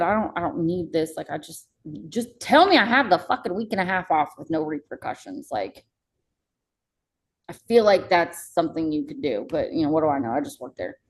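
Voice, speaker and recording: A young woman with a low voice shares a personal story as a podcast guest. Her tone is raw and casual, with plenty of swearing, and her voice has a gravelly edge. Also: rough recording. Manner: candid, swears freely.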